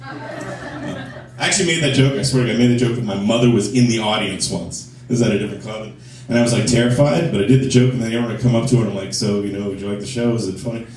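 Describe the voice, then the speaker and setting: A man's voice: mid-range voice, quick pace, a little mellow, a little hiss or hum. A man doing a stand-up comedy set at a club, with crude, self-mocking punchlines. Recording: echoey club, mic from a distance.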